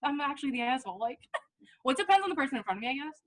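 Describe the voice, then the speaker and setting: A woman in her twenties hosts a podcast, chatting casually, laughing often and swearing freely. Her voice sits high and sounds fairly bright, and she talks fast and very animatedly.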